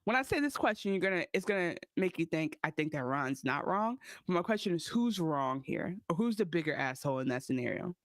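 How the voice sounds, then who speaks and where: A woman co-hosting a podcast, chatting casually and acting out quotes with lively, profane energy. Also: lowish voice, brisk, hardly any pauses, dry recording. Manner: animated, profane, acts out quotes. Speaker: podcast co-host. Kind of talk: casual recap chat.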